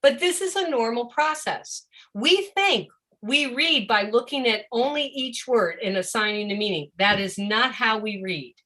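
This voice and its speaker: A woman teaching a live-streamed presentation on reading for deaf children, animated and often acting out a confused child's voice. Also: a little high, unhurried. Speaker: educator of deaf students.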